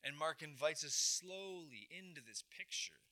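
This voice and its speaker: A man's voice: fairly high pitch, lively intonation, a little slow, pushed and bright. A man, a pastor, preaching a sermon, retelling a story dramatically with emphatic repetitions.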